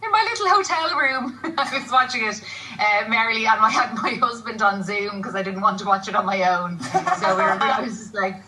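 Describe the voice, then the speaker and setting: A woman's voice: on the high side, lively intonation, fairly quick, pushed and bright, far from the mic, slight background noise, poor audio. A woman, an actress guest, chatting casually on a TV show, laughing often and rambling a little. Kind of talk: casual TV chat. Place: TV studio.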